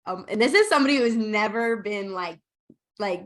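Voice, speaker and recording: A bubbly woman guest on an interview podcast, telling a story with lively energy. She acts out the dialogue as she goes and keeps a casual, conversational flow. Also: mid-range voice, moderate pace. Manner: bubbly, animated retelling with acted quotes. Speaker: podcast guest, operations consultant.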